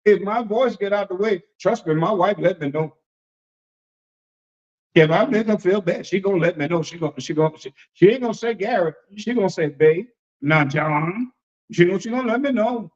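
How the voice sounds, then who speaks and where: A man preaches in an easy, conversational way, folksy and animated. He repeats phrases and slips into the voices of the people he quotes. The sound is dull and lo-fi, like a livestream. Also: sits high, fairly quick. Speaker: apostle and preacher leading a discussion.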